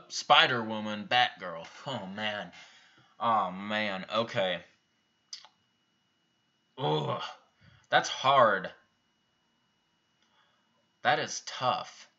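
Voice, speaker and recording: In a recording with the highs cut off, a young YouTube host with a sharp, rather low voice reads out questions from viewers during a live Q&A. His replies are blunt and offhand, delivered in a relaxed, chatty way.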